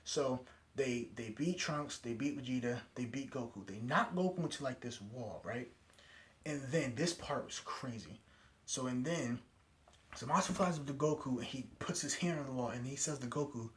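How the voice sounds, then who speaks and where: A man at home giving a casual, excited recap of an anime episode, full of slang and "right?" tags. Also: mid-range voice, normal speed. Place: his home at night.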